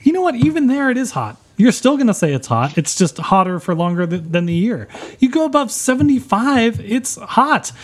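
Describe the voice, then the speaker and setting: A man's voice: extremely high pitch, very animated, moderate pace. A man co-hosting a comedy podcast, making his case in a playful, mock-serious way. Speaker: podcast co-host. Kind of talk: casual comedic debate.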